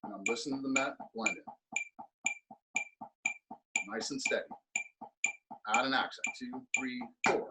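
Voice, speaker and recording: A man teaching percussion in an instructional clinic, counting beats aloud and explaining practice habits in a relaxed, thinking-aloud way full of fillers. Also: mid-range voice, fast talker. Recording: steady ticking and tapping noise under the voice.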